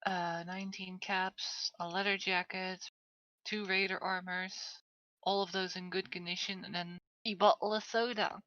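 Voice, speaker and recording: A woman's voice: medium pitch, little pitch movement, normal speed, pushed and bright, dry recording, highs cut off. A woman playing in a tabletop game over a voice call, listing her gear and asking the game master questions. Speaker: player.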